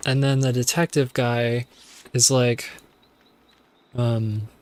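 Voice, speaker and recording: A man's voice: mid-range voice, little pitch movement, takes it slowly, a little mellow, smooth. A young man giving casual, rambling commentary while streaming a game, full of fillers and self-interruptions.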